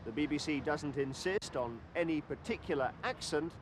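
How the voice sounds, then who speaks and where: A man with a standard Southern English accent from London, a political correspondent speaking in a measured, formal way. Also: on the high side, lively intonation, background noise. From London, England. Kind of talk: scripted self-introduction.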